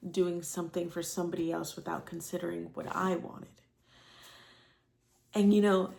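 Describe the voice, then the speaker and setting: Vlogger, woman in her twenties, low and gravelly, frank and rambling, swears casually. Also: a little mellow. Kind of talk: candid personal storytelling.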